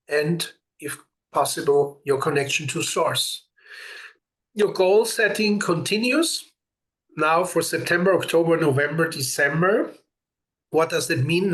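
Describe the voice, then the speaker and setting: A man's voice: a little high, fairly bright tone. A man hosting a live ritual session, giving an earnest spiritual teaching, explaining things and greeting viewers by name. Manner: earnest and explanatory, with brief laughs.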